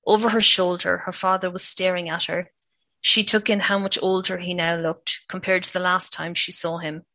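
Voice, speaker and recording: A woman author reading from her own novel in a measured, steady way. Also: on the low side, no room sound.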